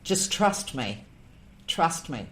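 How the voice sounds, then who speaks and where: A woman voicing a huge, patient male horse who speaks slowly and reassuringly. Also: low voice, very animated, fairly bright tone, exaggerated voice.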